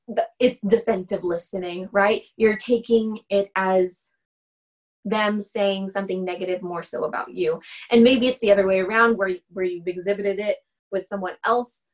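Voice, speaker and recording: A woman instructor talks through a lecture in a relaxed, conversational way. Her voice sits at a middle pitch for a woman. She keeps checking in with her listeners and slips into lively voices to act out examples. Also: low-quality recording. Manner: conversational, often checks in with "right?"; acts out example dialogue in animated voices. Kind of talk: casual recorded lecture.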